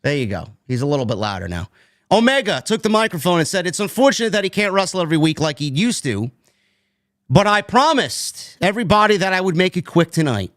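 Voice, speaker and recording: Blunt, high-voiced man reviewing wrestling. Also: very animated, a little fast, a bit bright, dry recording, studio quality. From New York. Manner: blunt, exasperated, swears freely. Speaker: podcast host. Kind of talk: casual wrestling review chat.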